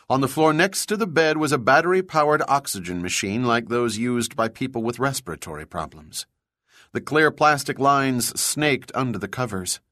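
A man with a mid-range voice narrates a thriller audiobook in an even, measured storytelling style. It's scripted narration, recorded dry with clean studio sound.

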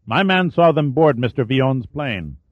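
A man reading a brisk police commissioner. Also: mid-range voice, big pitch swings, no room sound. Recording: dull, dry studio audiobook.

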